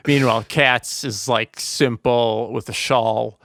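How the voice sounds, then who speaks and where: The recording is clean studio sound with no room echo, carrying a podcast co-host's medium-pitched, fairly bright voice. He speaks slowly with fairly even intonation, rambling about a movie with frequent restarts and lots of "like."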